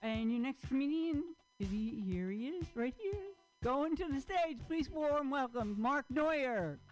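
A woman's voice: high voice, animated, a little slow, darkish tone, faint music behind. A woman hosting an open mic and cheerfully announcing the comedians.

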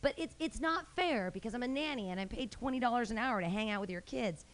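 A woman's voice: a little high, lively intonation, quick pace, fairly bright tone. A young woman hosting a small live comedy show and performing a stand-up set in a brash, rambling, self-mocking way, full of fillers and restarts. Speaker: comedy host and stand-up comic.

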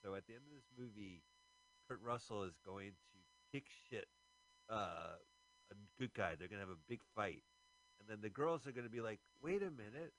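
A man's voice: lowish voice, normal speed, fairly bright tone, rough recording. A man casually joking and commenting while watching a movie with his co-host, laughing often.

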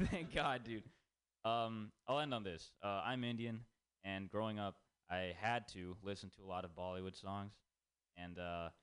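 A man's voice: lowish voice, fairly bright tone, clear, resonant tone. Rambling young man doing stand-up. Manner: rambling, self-deprecating, profane. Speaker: stand-up comedian. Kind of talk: stand-up comedy set. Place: small comedy room. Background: small audience.

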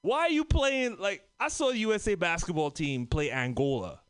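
A man from Trinidad and Tobago doing a stand-up comedy set, loud and profane, laughing through his lines. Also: high-pitched, moderate pace, smooth, dry recording, clean studio sound.

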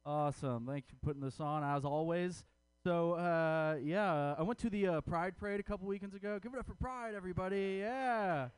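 A man's voice: high-pitched, normal speed, clean tone, no echo. A man doing a crude, self-mocking stand-up comedy set at a comedy club open mic.

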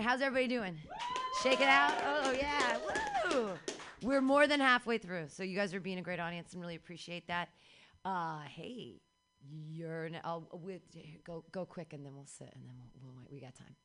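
A woman hosting a stand-up show, upbeat with the crowd, then mumbling quick asides while the stage is reset. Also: fairly low pitch, background noise. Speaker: comedy show host. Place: comedy club stage.

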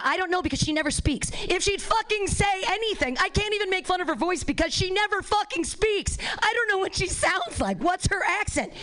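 A woman's voice: extremely high pitch, a bit bright. A woman doing a rambling, profane stand-up comedy set, laughing at her own jokes in front of a live audience. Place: small live venue with an audience.

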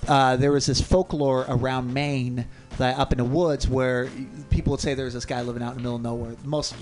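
A man co-hosting a radio show in a studio, telling a long story in a rambling, animated way and swearing freely. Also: mid-range voice, brisk, soft background music. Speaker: co-host. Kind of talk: casual storytelling on talk radio.

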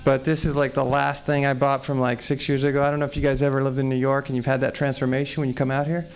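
A man's voice: mid-range voice, little pitch movement, fast, clean tone. A man in his forties from Texas doing rambling, profane, self-deprecating stand-up at an open mic in a small comedy venue. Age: 40s.

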